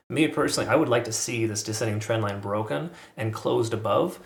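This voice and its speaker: A man's voice: medium pitch, a little fast, gravelly, few pauses, echoey room. A man giving casual, rambling commentary as he walks through crypto price charts, with frequent restarts and asides. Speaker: crypto market analyst.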